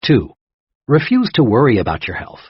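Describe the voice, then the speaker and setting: A man narrating a self-help audiobook in a lively, emphatic reading style. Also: medium pitch, normal speed, slightly rough, dry recording. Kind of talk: scripted narration. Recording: dull lo-fi dry recording.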